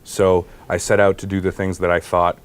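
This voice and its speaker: Very low-voiced, halting deadpan man. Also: slight background noise. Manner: halting, deadpan, with restarts and stammers. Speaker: guest comedian. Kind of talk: onstage interview chat. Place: comedy club stage.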